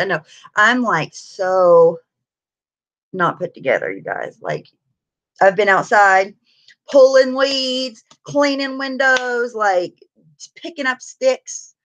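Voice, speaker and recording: A woman's voice: fairly high pitch, a bit bright. Woman live-streamer, worn out, loose and chatty; greets the chat by name, laughs often. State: tired.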